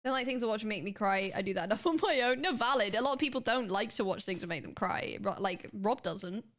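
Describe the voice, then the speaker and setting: A young woman chats loosely to her stream, circling back and restarting her sentences. Her voice sits at an ordinary middle pitch, with a slight scratch of a sore throat. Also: lively intonation, fairly bright tone. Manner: rambling, restarts sentences, quick laughs. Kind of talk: casual chat with viewers.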